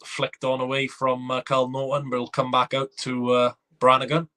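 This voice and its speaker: A man gives live reaction commentary on a football match in a bright, forceful voice. He is excitable and chatty, and he reads viewer comments aloud. His pitch sits at a middle level. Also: moderate pace. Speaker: fan watchalong host.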